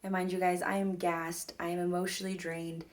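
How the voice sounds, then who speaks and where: A young woman vlogger tells her viewers a personal story, chatty and rambling, packed with "like" and "mind you guys." Her voice sits on the low side with a flat, slightly fast delivery.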